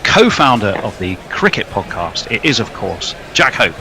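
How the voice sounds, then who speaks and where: A man's voice: fairly low pitch, very animated, moderate pace, vocal fry, noisy background. A man hosting a casual podcast chat, introducing guests with playful, jokey billings. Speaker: host.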